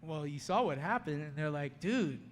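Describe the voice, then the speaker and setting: A man giving an animated personal testimony, storytelling and acting out the voices of people he quotes. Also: a little high, a little fast. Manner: storytelling, acts out quoted voices, laughs often. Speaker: speaker sharing his testimony. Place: conference hall. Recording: long hall reverb.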